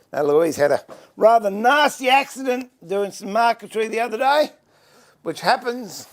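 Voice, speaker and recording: An older Australian man hosting a casual livestream from his workshop, chatting, greeting viewers by name and fiddling with his gear as he talks. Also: high-pitched. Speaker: livestream host and furniture maker.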